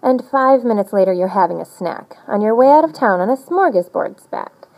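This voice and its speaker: Animated woman reading a rhyming storybook. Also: mid-range voice, normal speed, creaky, low-quality recording. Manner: animated, sing-song storytelling. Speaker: storybook reader. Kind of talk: reading a rhyming picture book aloud.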